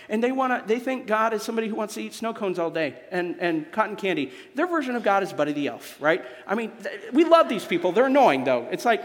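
A young adult man from Missouri preaching a sermon as a guest speaker, animated and joking with the congregation. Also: high-pitched, brisk, in a large hall. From Missouri, USA. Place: church sanctuary.

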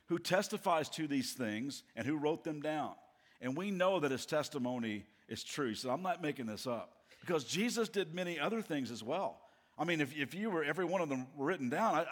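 A middle-aged man preaching a sermon as a guest pastor, telling stories in an animated way with playful asides. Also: a little high. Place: church auditorium. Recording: long reverb of a large hall.

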